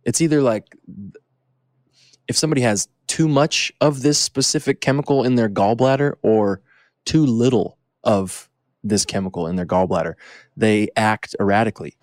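A man's voice: fairly low pitch, moderate pace, darkish tone, no echo, clean studio sound. A man hosting a casual chat over a video call, teasing and playful, rambling through his thoughts. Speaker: host.

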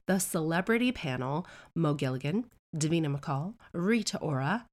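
Woman, 30s, low voice, chatty monologue, self-deprecating, comic asides. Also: lively intonation, normal speed. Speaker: celebrity storyteller.

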